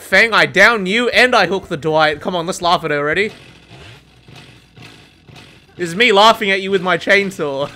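A gamer giving excitable live commentary over gameplay, swearing and laughing often. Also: medium pitch. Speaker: gamer streaming a match.

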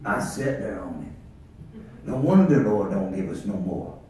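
A man preaching an impassioned revival sermon in a church, swinging between shouts and hushed, low stretches. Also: sing-song, measured pace. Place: church sanctuary. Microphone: distant from the mic. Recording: echoey church from far off.

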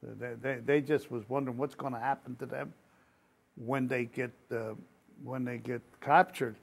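Gravelly older man telling old stories. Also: medium pitch, normal speed. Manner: lively anecdotal storytelling with quoted dialogue. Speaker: interviewee. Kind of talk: oral history storytelling.

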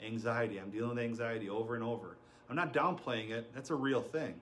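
A middle-aged male pastor delivers a sermon in an animated, conversational way. He tells stories, laughs along, and acts out quotes in different voices. His voice sits at an ordinary pitch, and faint noise runs underneath. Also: fast talker.

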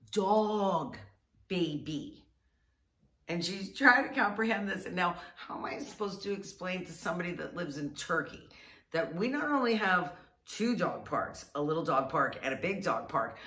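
A woman vlogger telling a funny story to camera in a chatty, animated way, often laughing and stretching out words. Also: sits low. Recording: roomy sound, mic at a distance.

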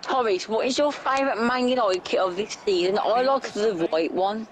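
A man's voice: high-pitched, normal speed. A man in casual gaming chat, teasingly quizzing a friend with silly questions. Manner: mock interviewing a friend, teasing. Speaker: gamer friend.

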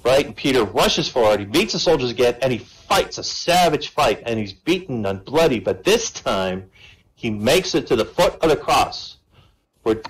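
A man telling jokes at a comedy show, relaxed and chatty, with asides to the audience. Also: medium pitch, normal speed, slightly rough, low-quality recording. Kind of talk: stand-up joke telling.

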